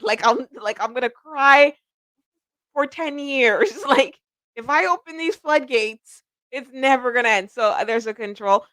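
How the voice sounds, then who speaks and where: A woman's voice: sits high, unhurried, fairly bright tone, dry recording. A middle-aged woman hosting a psychic livestream, chatting casually and rambling, laughing at herself often.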